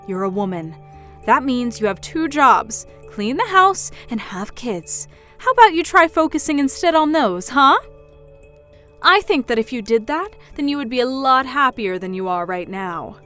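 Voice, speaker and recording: A woman acts out a domineering middle-aged mother in a drama. She talks down to her daughter in a mocking, pushy way. Her pitch rides high and swings widely, and soft music plays underneath. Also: animated, measured pace. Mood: scornful.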